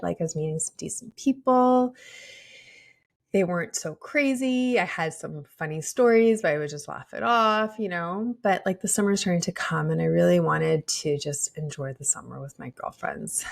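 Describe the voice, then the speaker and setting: Young woman, podcast host, low voice with gravelly fry, earnest confiding storyteller. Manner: earnest, confiding, with many "like" and "you know". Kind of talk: personal storytelling.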